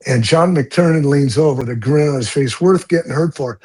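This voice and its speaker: Older man, husky, stunt coordinator, blunt and profane storyteller, interview. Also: mid-range voice, normal speed, few pauses. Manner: blunt, animated, swears freely.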